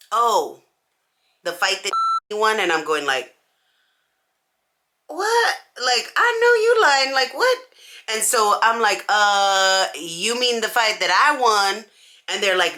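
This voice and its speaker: A woman's voice: medium pitch, unhurried. A woman vlogger telling a story in casual slang while she does her makeup, acting out each person's lines. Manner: animated, acts out everyone's lines in the story; casual slangy talk with many "like"s. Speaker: beauty vlogger.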